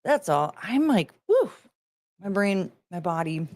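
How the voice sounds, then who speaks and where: A woman's voice: lowish voice, sing-song, measured pace, a little mellow. Chatty woman hosting a livestream. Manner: chatty, greets viewers, sing-song asides. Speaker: livestream host. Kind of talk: casual livestream chat.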